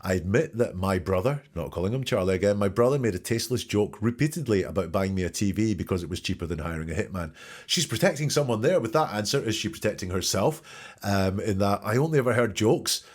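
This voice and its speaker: A man's voice: lowish voice, expressive, fast talker. A man hosting a podcast, analyzing courtroom testimony in an emphatic commentary style and asking rhetorical questions. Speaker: podcast host.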